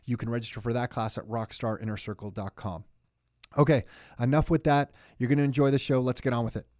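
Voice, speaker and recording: An excitable male podcast co-host who talks fast and jumps in eagerly. His voice sits mid-range and sounds close and dry. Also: medium pitch, no echo. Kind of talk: casual chat.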